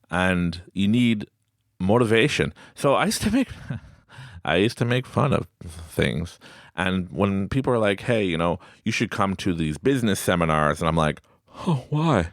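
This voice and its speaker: Low-voiced male host in his late 30s, animated motivational storyteller who slips into quoted voices. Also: dry recording, clean studio sound. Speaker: podcast host. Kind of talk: motivational self-help talk.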